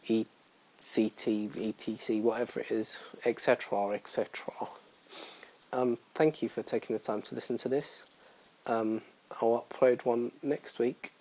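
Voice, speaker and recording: A man's voice: lowish voice, darkish tone, slightly rough, poor audio. A young man hosting his own podcast in casual, rambling, self-mocking chat full of fillers. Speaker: podcast host.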